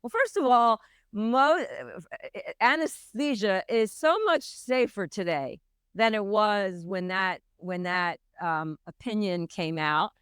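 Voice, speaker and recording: A woman's voice: mid-range voice, slow pace, a bit bright, clear, resonant tone, no room sound, clean studio sound. A woman from Philadelphia, a nurse midwife guest, explaining in a casual interview with many fillers and restarts.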